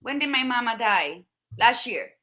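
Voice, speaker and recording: A woman's voice: a little high, expressive, moderate pace, pushed and bright. A woman in her fifties co-hosting a podcast, talking in a blunt, profane and emphatic way in candid casual chat. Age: 50s. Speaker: podcast co-host.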